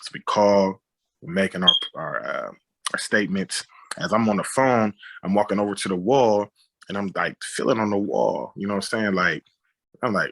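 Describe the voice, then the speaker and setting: A man's voice: fairly low pitch, normal speed, gravelly, a bit bright. A man, a film director, telling a personal story on a podcast, acting out sound effects and often saying "you know what I'm saying".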